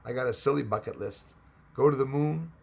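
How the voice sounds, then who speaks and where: Rambling and joking through a casual live chat, a Canadian livestream host reads the chat and greets viewers by name. He talks fairly quickly in a mid-range, creaky voice with a darkish tone.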